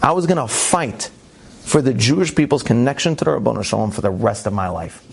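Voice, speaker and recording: A man's voice: medium pitch, expressive, quick pace, vocal fry, a little hiss or hum, pitched below the performer's own voice. A man voicing a determined young man who earnestly vows to fight. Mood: resolute. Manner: earnest, resolute.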